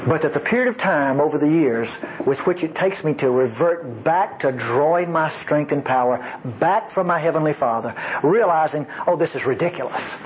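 A man with a drawl preaches a teaching sermon in a fairly high voice that leaps up and down as he leans on words. He is folksy and emphatic, dropping playful asides between readings of scripture. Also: expressive, normal speed, hardly any pauses, slight background noise, poor audio. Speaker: Bible teacher.

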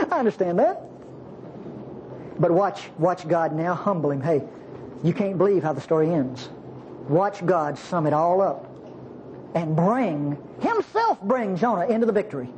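A woman preaching a sermon in an animated, conversational way, asking the congregation questions. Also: on the low side, normal speed, pauses often, slight background noise, rough recording.

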